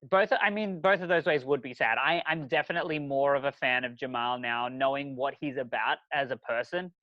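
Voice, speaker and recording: Man, casual podcast co-host, rambling with ums, mid pitch, dry close sound, a bit dull. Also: fairly quick, no room sound. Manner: chatty, many ums and restarts, warmly encouraging. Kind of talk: casual chat recapping a reality show. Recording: dry, slightly muffled sound.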